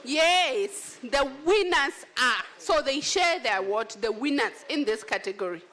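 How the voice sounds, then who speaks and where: A woman's voice: high-pitched, animated, measured pace. A woman hosting an awards ceremony, announcing winners with exuberant, teasing energy. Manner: exuberant, teasing, cheering with shouts. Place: large function hall.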